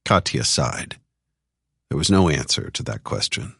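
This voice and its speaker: A male audiobook narrator with a very deep voice and lots of pitch movement. He reads the thriller expressively, recorded close and completely dry. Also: lively intonation, normal speed, a bit bright, husky, no echo. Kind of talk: scripted narration.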